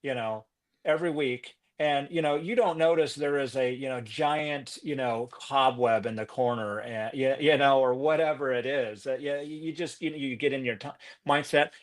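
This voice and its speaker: A man's voice: medium pitch, normal speed. A man talking as a podcast guest in an upbeat, earnest way, peppering his speech with fillers. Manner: upbeat, earnest, lots of "you know" fillers. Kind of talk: casual conversation.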